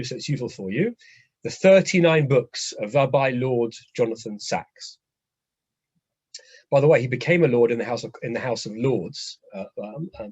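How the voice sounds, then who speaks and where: Male rabbi lecturer, husky timbre, animated storyteller; muffled dry audio. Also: mid-range voice, dry recording. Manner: lively anecdotal storytelling, restarts phrases. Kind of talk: lecture to an online class.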